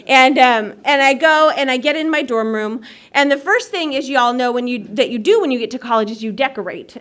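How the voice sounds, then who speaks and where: A woman's voice: sits high, fairly bright tone. A woman sharing her personal recovery story at a meeting, in a chatty, self-mocking way and laughing often. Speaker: AA meeting speaker. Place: meeting hall.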